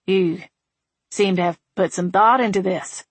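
A woman voicing a wry, patient man with a dry, steady, gently teasing manner. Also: mid-range voice, a little slow, slightly rough, dry recording.

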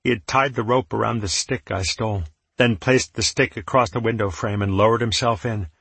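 A man narrating a first-person story as an audiobook narrator, in an even, measured reading. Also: on the low side, gravelly, breathy edge, dry recording.

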